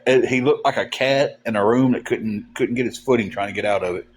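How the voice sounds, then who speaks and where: A man's voice: medium pitch, husky. A man, co-hosting a casual livestream, telling folksy, rambling stories full of fillers and sounding a bit tired. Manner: drawn-out, tired. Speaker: livestream co-host. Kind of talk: casual livestream chat, storytelling.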